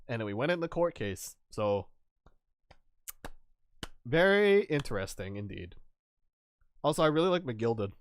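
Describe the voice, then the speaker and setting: A man's voice: mid-range voice, sing-song, measured pace, pauses often. A young man streaming a game, chatting casually in a rambling way, laughing, swearing and acting out quotes. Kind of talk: casual gaming stream chat.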